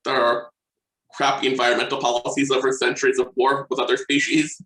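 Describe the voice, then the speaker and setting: A man's voice: mid-range voice, little pitch movement, brisk, pushed and bright, roomy sound, poor audio. A man co-hosting a podcast in casual chat, enthusiastic, working from his notes and trailing off mid-thought. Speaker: podcast co-host.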